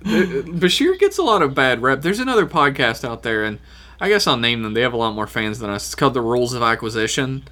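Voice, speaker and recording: A man's voice: medium pitch, sing-song, fast, pushed and bright. A man co-hosting a casual podcast, talking enthusiastically and swearing freely. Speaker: podcast co-host.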